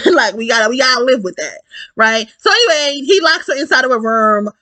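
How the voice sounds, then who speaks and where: A woman giving a casual spoken film review, animated and profane, often repeating herself and correcting her words. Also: a little high, a little fast, no echo.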